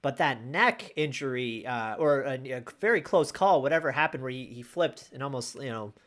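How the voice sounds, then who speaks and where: A man co-hosting a wrestling podcast, talking in a relaxed, casual way and thinking aloud with many fillers. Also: mid-range voice, normal speed. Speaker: podcast co-host. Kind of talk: casual post-show chat.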